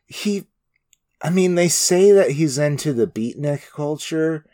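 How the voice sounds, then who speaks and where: Mellow-voiced man in casual chat. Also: a little high, a little slow. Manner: relaxed, laughs often, trails off. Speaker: podcast co-host.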